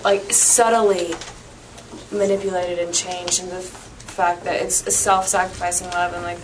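A woman's voice: fairly low pitch, little pitch movement, a little slow. Female student, unsure answer in class, audible hiss on the recording. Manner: hesitant, many fillers. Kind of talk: classroom discussion.

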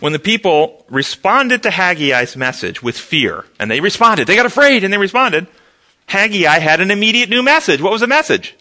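A man leads a Bible study, his voice high and bright. He swings his pitch widely as he throws questions to the class and answers them himself. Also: moderate pace. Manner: animated, asks the class questions. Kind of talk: interactive Bible study lesson.

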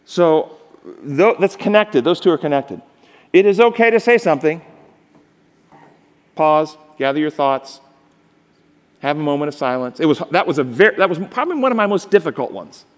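A man's voice: a little high, expressive, normal speed, pauses often, in a large hall. A man giving a live seminar lecture on public speaking. He speaks emphatically and often asks the audience rhetorical questions. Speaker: seminar instructor. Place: large seminar hall.

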